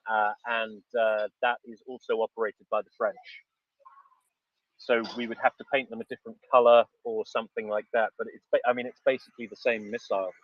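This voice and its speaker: A man's voice: fairly low pitch, level tone, fairly quick, a bit bright, no room sound. Dry-witted British man, dull lo-fi mic. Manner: dry, hesitant with many fillers. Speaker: panelist. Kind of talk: casual chat.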